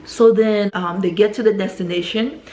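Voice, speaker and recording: A woman's voice: medium pitch, fairly even intonation, moderate pace, warm tone. A woman casually recapping a film plot, often checking in with the listener as she goes. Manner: chatty, frequently checks in with "right?". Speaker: film reviewer. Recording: echoey room.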